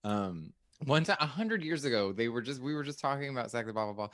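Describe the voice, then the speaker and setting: A man chatting as a comedian guest on a podcast, playful and quick with jokes, laughing often. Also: medium pitch, lively intonation, fairly bright tone. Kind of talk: casual comedic chat.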